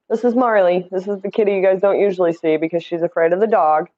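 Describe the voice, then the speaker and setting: Talking fast with few pauses, this Indiana, USA livestream host has a low-side voice with a dark tone and fairly even intonation. She chats casually, reads viewer comments out loud, and greets people by name. The sound from her streaming mic is lo-fi.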